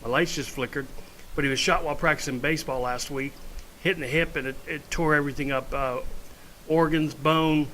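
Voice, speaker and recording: A man's voice: fairly high pitch, steady tone, brisk, bright, forceful tone, a little hiss or hum, poor audio. A man ranting in a casual opinion vlog from his home, blunt and rambling with asides. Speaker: vlogger.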